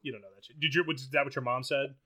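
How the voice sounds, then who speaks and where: Bright-voiced joking man. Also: mid-range voice, steady tone, very fast. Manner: joking, sarcastic, playful put-on quotes. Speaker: podcast co-host. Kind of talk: casual movie chat.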